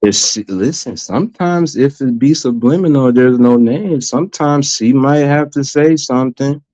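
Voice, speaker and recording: A man's voice: medium pitch, normal speed, dark tone, no room sound, muffled recording. A man hosting a casual podcast chat, laid-back and slangy, often tagging his points with "you know what I'm saying". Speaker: podcast host.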